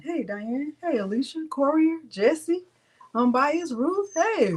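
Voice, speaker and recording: A woman's voice: high voice, expressive, slow pace. Chatty, teasing craft host woman. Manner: teasing, chatty, laughs often. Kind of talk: casual live-stream chat.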